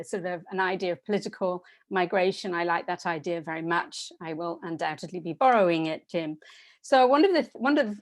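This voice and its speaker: A woman's voice: mid-range voice, dry recording. A woman researcher presenting on an academic panel over a video call, conversational and lightly humorous. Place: home office on a video call. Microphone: computer mic on a video call.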